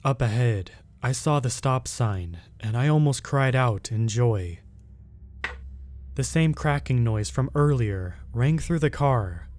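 A man reading a first-person horror story aloud as a scripted narration, in a slow, hushed storytelling manner. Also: mid-range voice, animated.

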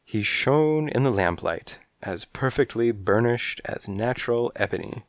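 A man narrating a children's mystery audiobook in the first person, with measured, dry storytelling. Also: mid-range voice, lively intonation, no echo.

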